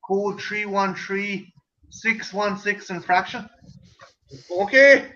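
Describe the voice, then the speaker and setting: A man telling a family story in casual chat, animated and swearing, acting out his parents' voices. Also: sits high, slow pace, dull audio. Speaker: host.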